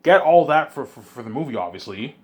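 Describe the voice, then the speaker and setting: A man rambling in an excited monologue, often repeating himself and restarting his sentences. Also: medium pitch, brisk, slightly rough. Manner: excitable, repeats himself, puts on voices of others. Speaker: vlogger.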